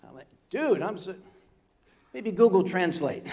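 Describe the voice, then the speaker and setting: Older man, high-pitched voice, live stage storytelling, comic, stammering, chatty asides. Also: lively intonation, a little slow, darkish tone. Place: convention center stage before a live audience.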